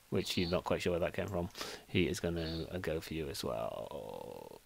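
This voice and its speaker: Guy gm-ing a tabletop game, low and kinda gravelly, chatty and laid back. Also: moderate pace. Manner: relaxed, chatty, with frequent fillers and laughs. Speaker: game master.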